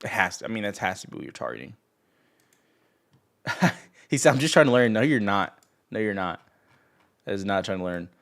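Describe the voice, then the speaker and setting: A man's voice: deep voice, expressive, normal speed, vocal fry, pauses often, a bit bright. A young man hosting a trading livestream, talking casually and ranting at viewers in chat with sarcasm and profanity. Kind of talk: casual live stream chat.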